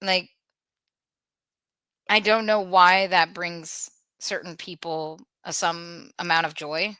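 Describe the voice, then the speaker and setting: A woman's voice: on the low side, steady tone, slow, pushed and bright, clear, resonant tone, no echo. A woman hosting a podcast in casual talk, earnest, with nervous laughs and frequent restarts. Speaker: podcast host.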